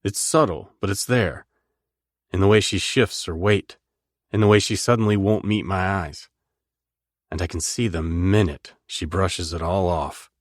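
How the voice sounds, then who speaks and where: A man narrating a first-person romance audiobook in a low, intimate, measured way, close to the mic. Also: dry recording.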